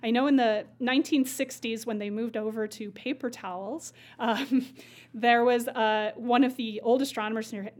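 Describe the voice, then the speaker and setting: A woman's voice: on the high side, steady tone, moderate pace, darkish tone. Enthusiastic woman astronomer explaining. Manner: enthusiastic, explains patiently with fillers. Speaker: astronomer guide. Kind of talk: conversational explaining.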